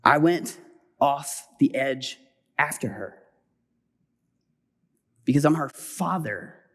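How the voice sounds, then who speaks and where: A middle-aged man preaching with a somewhat high voice for a man. He tells his story in lively bursts, rising to loud calls and dropping to quick, hushed asides. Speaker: pastor. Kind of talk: sermon.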